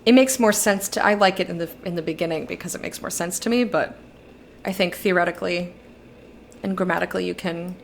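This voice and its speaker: A woman's voice: on the low side, brisk, gravelly, slight background noise. A young woman casually commenting on a video game as she plays, reading its dialogue aloud between her own thoughts. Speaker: streamer. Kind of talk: casual let's-play commentary.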